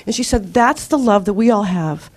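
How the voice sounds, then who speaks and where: A woman's voice: medium pitch, normal speed, no room sound. A middle-aged woman leading a spiritual group, talking earnestly and informally, acting out her own outbursts as she tells stories. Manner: earnest, animated storytelling with acted-out outbursts.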